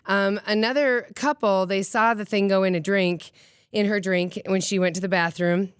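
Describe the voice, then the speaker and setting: A woman's voice: mid-range voice, clean tone, no echo, clean studio sound. Chatty middle-aged woman radio host. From Colorado. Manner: chatty and animated, laughs often, acts out quotes. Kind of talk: casual chat.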